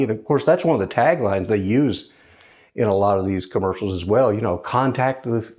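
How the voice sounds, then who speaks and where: A man's voice: on the low side, fairly quick, a little mellow. A man hosting a personal monologue show, talking in a conversational, wry way, sometimes sarcastic, as a widower living alone. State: widowed, grieving. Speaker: host.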